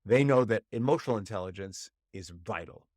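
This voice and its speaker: A man hosting a solo podcast as a relationship coach, telling a story and jumping high in pitch to act out inner voices. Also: lively intonation, a little fast, darkish tone, no room sound, studio quality.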